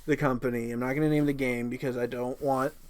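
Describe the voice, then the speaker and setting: A young man co-hosting a podcast, in casual chat, laid-back, with wry deadpan asides. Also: medium pitch, fast, slight background noise. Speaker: podcast co-host.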